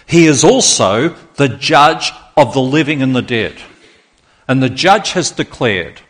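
A male preacher delivering a sermon at an unhurried, deliberate pace. He gives each declaration weight and calls the congregation to repeat key lines with him. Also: medium pitch, lively intonation. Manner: slow, emphatic, leads congregation in call-and-response.

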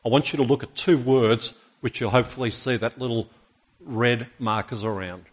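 Male pastor with a husky, mid-pitched voice, preaching to a congregation. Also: moderate pace. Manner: asks the congregation rhetorical questions. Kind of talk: sermon with Bible reading.

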